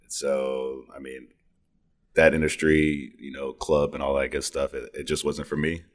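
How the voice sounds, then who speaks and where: A man with a deep radio voice, a business owner answering questions in a relaxed, polite way. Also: normal speed. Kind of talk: casual interview.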